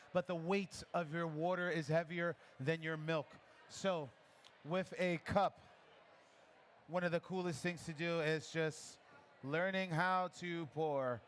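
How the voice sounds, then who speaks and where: Brief: male barista instructor, slightly high voice, chatty encouraging coach, live festival demo. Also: fairly bright tone, slight background noise. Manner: encouraging, chatty, gives quick pouring cues. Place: coffee festival demo area.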